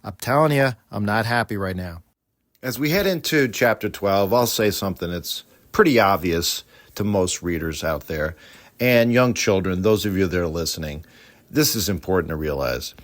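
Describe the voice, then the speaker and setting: A middle-aged man hosting a book discussion podcast, speaking in an animated and opinionated way. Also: low voice, moderate pace. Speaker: podcast host.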